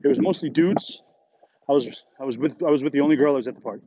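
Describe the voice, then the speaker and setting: A male podcast host rambles through profane stories in a casual monologue, talking fast in a dark, slightly rough voice. His pitch jumps up whenever he quotes someone, and the sound is lo-fi.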